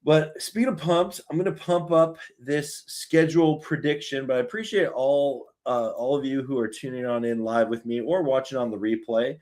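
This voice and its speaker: A man's voice: medium pitch, moderate pace, few pauses. Canadian guy on a live fan stream, chatty and hyped, just rambling to chat. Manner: excitable, chatty. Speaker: sports streamer.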